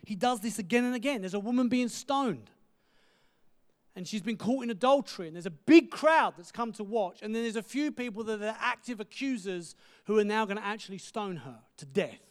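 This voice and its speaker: A man preaching a sermon, telling stories with lively energy, dropping to a hush for quoted words and often asking "right?". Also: high-pitched. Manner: animated storytelling, asks the audience "right?".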